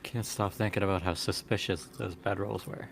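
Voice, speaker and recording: A man playing in a tabletop game, chatting in a quiet, laid-back way. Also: low voice, fairly even intonation, moderate pace, vocal fry, a little hiss or hum. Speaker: player. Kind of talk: casual tabletop game chat.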